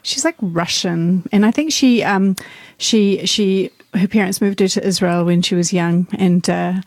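A woman's voice: mid-range voice, measured pace, a little mellow, no echo. A woman chatting casually on a small radio show, rambling and hesitant with many fillers.

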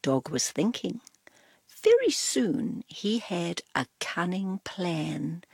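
Slow, soft-spoken woman reading a storybook. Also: on the low side, big pitch swings, vocal fry, slightly rough, no echo. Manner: soft, drops to whispers on tags. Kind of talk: reading a children's storybook aloud.

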